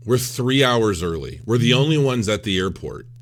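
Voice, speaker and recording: A man's voice: medium pitch, expressive, normal speed. A man recovering from illness tells a rambling, self-mocking story in a casual vlog, swearing freely. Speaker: crypto vlogger.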